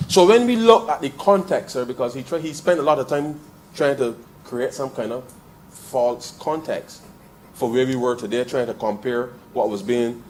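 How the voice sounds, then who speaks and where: A man with a Barbadian accent giving a parliamentary debate speech in the chamber, calling the chair "sir" almost every phrase and repeating lines as he builds to forceful points. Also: mid-range voice, moderate pace, slight background noise. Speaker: member of parliament.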